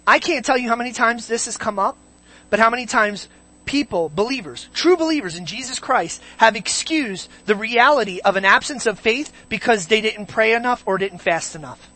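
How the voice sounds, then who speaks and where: A preacher giving a verse-by-verse Bible teaching, emphatic, slowing on key words and asking many rhetorical questions. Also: mid-range voice, animated, bright, forceful tone.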